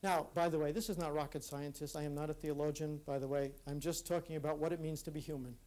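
A man with a fairly high voice giving a personal, reflective talk before a conference audience. He speaks earnestly and haltingly, often restarting his sentences. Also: fairly even intonation, darkish tone. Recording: live talk in a hall.

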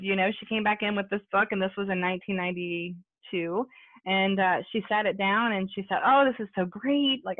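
At a video-call support meeting, an American woman with a mid-range voice gives her personal recovery testimony. She talks conversationally with plenty of fillers and asides, over tinny, phone-like audio without room sound.

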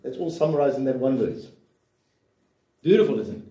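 A man's voice: medium pitch, lively intonation, fairly quick, pauses often, mellow, dull audio. Emphatic preacher man, echoey and distant. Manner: emphatic preaching with rhetorical questions. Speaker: pastor. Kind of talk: sermon. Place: church hall.

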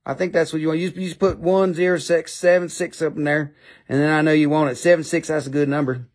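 A man's voice: fairly high pitch, steady tone, fairly quick. A man with an Appalachian accent selling rocks on a live stream, rambling and joking in a casual chat. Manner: joking, rambling, playful funny voices. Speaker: live-stream rock seller.

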